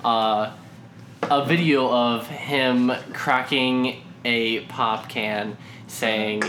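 Young dude talking real slow and dry, teasing his buddies, echoey room. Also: medium pitch, steady tone, fairly bright tone, slight background noise. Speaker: podcast co-host. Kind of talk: casual chat among friends.

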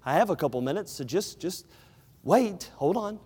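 High-voiced man preaching a sermon. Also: expressive, normal speed, slightly rough. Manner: emphatic, swings from loud preaching to hushed asides. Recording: long hall reverb.

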